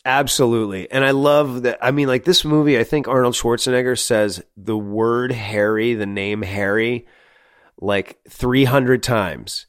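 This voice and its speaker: A man co-hosting a movie review podcast, talking in an animated way, often laughing and saying "like" a lot. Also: mid-range voice, unhurried, clear, resonant tone, no room sound, clean studio sound. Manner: animated, laughing, heavy use of "like". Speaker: podcast co-host. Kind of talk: casual movie review chat.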